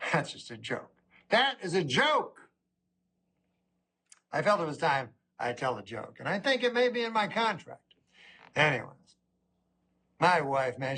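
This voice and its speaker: A middle-aged man doing a stand-up comedy routine, rambling with a deadpan delivery. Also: medium pitch.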